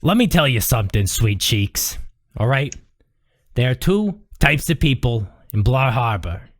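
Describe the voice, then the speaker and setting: A man's voice: mid-range voice, sing-song, a little slow, no room sound, clean studio sound. A man voicing a brash middle-aged woman diner waitress, folksy and pushy, calling everyone sweet cheeks. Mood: gossipy.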